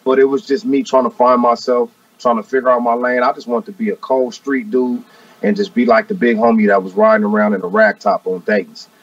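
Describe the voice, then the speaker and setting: A gravelly-voiced man in his forties talks back easily in a laid-back interview, leaning on "you know what I mean" again and again. He sits a bit back from the mic, and the dry recording sounds dull and muffled. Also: mid-range voice, brisk, far from the mic, slight background noise. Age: 40s. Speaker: rapper guest. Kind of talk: casual interview talk.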